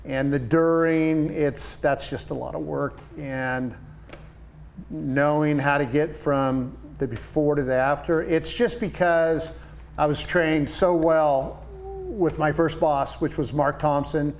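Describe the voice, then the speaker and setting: A man in his sixties, a painting business owner, chatting as a guest and telling lively stories with quoted voices. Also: on the high side, takes it slowly, a little hiss or hum. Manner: enthusiastic storyteller, animated quoted voices. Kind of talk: casual interview chat.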